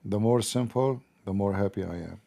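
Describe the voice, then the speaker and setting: A man's voice: lowish voice, moderate pace, gravelly, dark tone. A man hosting a live stream, chatting casually, joking and laughing often, with loose non-native grammar.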